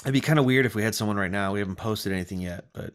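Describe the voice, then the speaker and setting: A man's voice: fairly low pitch, racing. A man with a nasal voice, co-hosting a casual chat and telling a rambling story full of fillers and self-deprecating asides. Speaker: podcast co-host.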